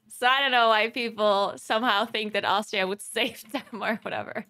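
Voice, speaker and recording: A woman's voice: medium pitch, moderate pace, bright, forceful tone. A young woman from South Tyrol chatting casually on her game stream, laughing often and swearing offhandedly. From South Tyrol, Italy. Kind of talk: casual chat while streaming.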